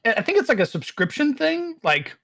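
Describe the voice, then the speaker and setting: A man's voice: extremely high pitch, sing-song, a little fast, vocal fry, a bit bright. A young man co-hosting a podcast in casual chat, laughing often and using slang. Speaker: podcast co-host.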